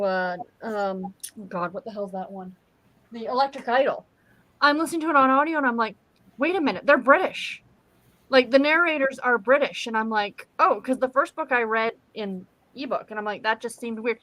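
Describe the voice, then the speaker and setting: A woman chatting about books on a video call, telling animated stories and laughing at her own jokes. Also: a little high, fairly quick, no room sound, low-quality recording. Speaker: guest reader on a book chat. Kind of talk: casual chat.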